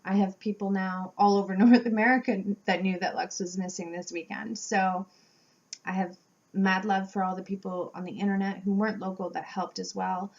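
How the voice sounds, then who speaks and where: A woman vlogger tells a personal story straight to the camera, animated and chatty. She jumps into the voices of the people in her tale as she goes. Her voice sits at an everyday middle pitch, and the home-video sound is a little dull. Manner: animated storytelling, acting out quotes with laughs. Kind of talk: storytime vlog.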